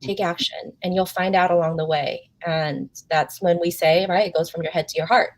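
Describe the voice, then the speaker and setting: A woman's voice: lowish voice, normal speed, dry recording. A woman hosting an interview show, talking with effusive, gushing enthusiasm and calling the audience "guys.". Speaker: host.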